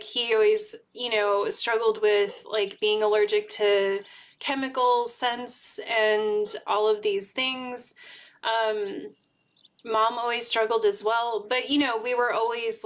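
A woman hosting a casual livestream chat with her sister, talking candidly, full of fillers and frequent swearing. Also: on the high side. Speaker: host.

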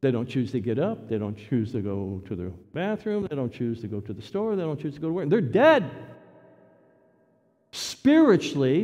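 A man's voice: fairly high pitch, sing-song, normal speed. Emphatic male preacher in a reverberant church. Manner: emphatic, repeats key phrases, swings between loud and hushed. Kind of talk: sermon. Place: church sanctuary.

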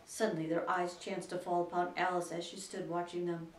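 A woman librarian reading a children's chapter book aloud in a slow, deliberate way. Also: fairly low pitch, flat delivery, distant mic, a little hiss or hum. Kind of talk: storybook read-aloud. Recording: echoey room, voice from afar.

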